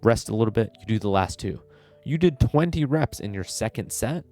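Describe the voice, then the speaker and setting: A man's voice: lowish voice, expressive, normal speed, a little mellow, faint music behind. A young man giving casual fitness advice straight to camera, rambling with lots of "like" fillers and bro slang. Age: young adult. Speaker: fitness vlogger.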